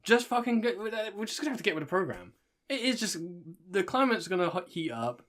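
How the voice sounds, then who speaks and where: A young man on a podcast, ranting bluntly and swearing freely. His voice is fairly high and bright, and his pitch jumps around a lot as he gets worked up. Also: big pitch swings, fast talker. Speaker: podcast co-host. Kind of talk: casual chat.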